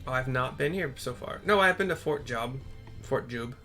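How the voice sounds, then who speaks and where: A man casually commenting on a game quest as he plays, rambling and easily excited. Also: mid-range voice, normal speed, soft background music. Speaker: gamer playing through a quest.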